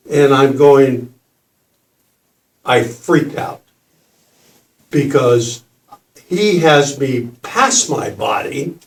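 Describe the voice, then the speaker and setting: An older man in his seventies telling a personal story at a spiritual gathering, laughing and putting on voices as he goes. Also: mid-range voice. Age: 70s. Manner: animated, laughing, mimics voices in his stories. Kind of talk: storytelling talk. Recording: roomy hall, distant mic.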